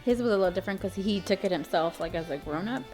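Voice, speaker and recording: A woman's voice: fairly low pitch, quick pace, darkish tone. A woman co-hosting a casual faith podcast, adding agreement and wry asides. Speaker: podcast co-host. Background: faint background music.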